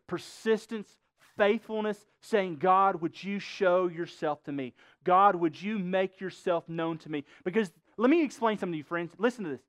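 A man's voice: high voice, clear, resonant tone, no echo. A man preaching a sermon as pastor, emphatic, often asking the congregation questions. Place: church.

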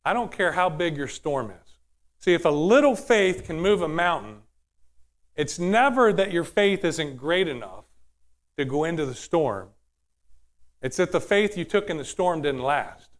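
A man's voice: fairly high pitch, sing-song, measured pace. A man preaching a sermon in a conversational way, often asking the audience questions.

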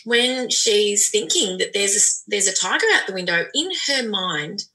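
Bright middle-aged woman, parenting expert, thoughtful explainer with frequent restarts. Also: medium pitch, animated, moderate pace, rough recording. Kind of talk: podcast conversation.

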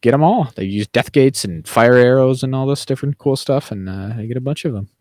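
A man's voice: medium pitch, brisk, darkish tone, no echo, studio quality. A man co-hosting a podcast in a casual chat, rambling with many fillers. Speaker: podcast co-host.

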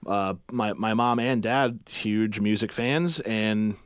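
A man's voice: fairly low pitch, slow, smooth, no room sound, clean studio sound. A man from Michigan, a guest musician chatting casually on a podcast, rambling with lots of fillers and restarts. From Michigan, USA.

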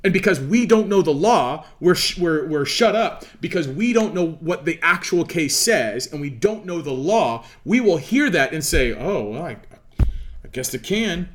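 As a legal commentator, a man gives an explanatory talk on law in an emphatic, preachy, lecturing style, firing off rhetorical questions. His voice is a little high with lively intonation, at normal speed with few pauses.

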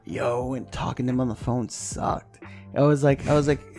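A man's voice: medium pitch, moderate pace, soft background music. A young man from New York on a casual podcast, telling stories with lots of swearing. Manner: swearing, animated storytelling. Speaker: podcast co-host. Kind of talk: casual chat.

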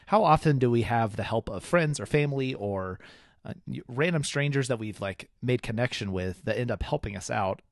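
A young man co-hosting a casual podcast, musing in rambling, halting sentences before asking a question. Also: medium pitch, lively intonation, gravelly, no echo, clean studio sound. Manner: rambling, halting, many restarts. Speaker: podcast co-host.

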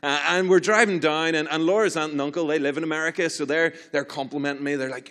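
A young man with a Northern Irish accent gives a sermon. He tells a funny story, mocks himself and acts it out with lively swings of voice before turning to a spiritual point. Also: mid-range voice, fairly quick, few pauses. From Northern Ireland. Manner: animated, self-mocking storyteller. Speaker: preacher.

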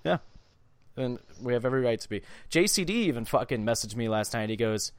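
A man's voice: medium pitch, animated, brisk, smooth, dry recording. A young man co-hosting a casual sports podcast, heated and swearing freely as he talks. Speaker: podcast co-host.

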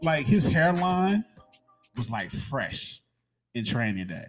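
A man co-hosting a casual chat, joking loosely and filling his talk with "like". His pitch moves around a lot. Music plays clearly behind him. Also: sing-song, slow. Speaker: podcast co-host.

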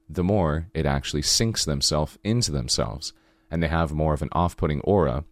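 Super deep guy doing his spiritual podcast, low sultry morning voice, really dry close sound. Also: no echo. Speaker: podcast host.

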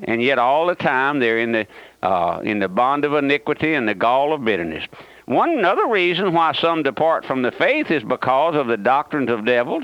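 A man's voice: fairly high pitch, dry recording. Folksy man preaching over dull radio. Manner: folksy, emphatic preaching with many fillers and restarts. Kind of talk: radio sermon. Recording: dull, dry radio broadcast.

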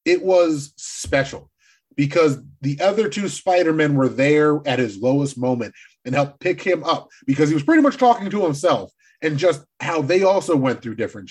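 A man co-hosting a casual movie discussion, excitable and animated, swearing freely as he talks. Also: on the high side, normal speed, slightly rough. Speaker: podcast co-host.

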